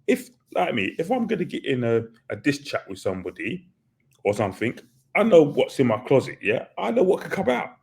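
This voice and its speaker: A man co-hosts a podcast in loose, casual chat. His voice is husky. He hesitates and restarts often. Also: medium pitch, very animated, fairly quick, darkish tone. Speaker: podcast host.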